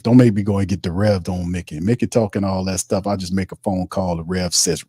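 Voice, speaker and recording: A man's voice: low voice, fairly quick, mellow, husky, no room sound, studio quality. A man hosting a live sports stream, casually reading viewer comments aloud and breaking down draft picks in slangy chat. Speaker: host.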